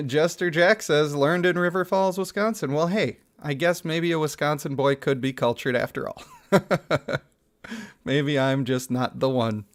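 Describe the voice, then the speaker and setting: A man's voice: a little high, unhurried. A man in his thirties chatting casually on a livestream, reading out chat messages and laughing often. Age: 30s.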